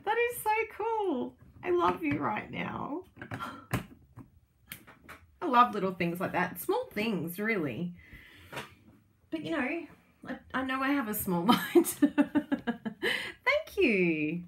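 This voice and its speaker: Gushing excitable woman unboxing crafts. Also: high-pitched, slow, pauses often, a little hiss or hum. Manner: gushing, excitable, laughs often. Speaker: craft vlogger and product demonstrator. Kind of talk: casual unboxing chat.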